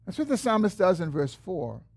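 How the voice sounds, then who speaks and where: A man preaching a sermon as pastor. He is earnest, lifts his voice when he quotes a prayer, and drops low and slow at the end of phrases. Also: sing-song, vocal fry, slightly rough.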